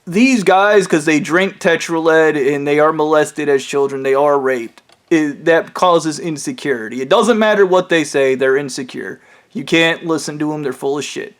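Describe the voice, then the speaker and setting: A man's voice: fairly high pitch, moderate pace. A man telling a rambling, profane story in a casual monologue. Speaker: vlogger.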